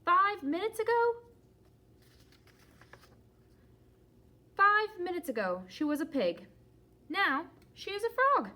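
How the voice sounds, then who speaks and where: A woman's voice: sits high, big pitch swings, moderate pace. A woman voicing an anxious, cautious male elephant in a children's storybook read-aloud. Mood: panicked. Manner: worried, fretful, rises to loud alarm.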